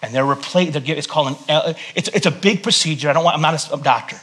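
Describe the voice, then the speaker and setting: Male pastor, church sermon, bright ringing voice, a little high, joking then going hushed and earnest. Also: fast. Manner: conversational and joking, swinging between loud bursts and hushed earnest tones. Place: church service.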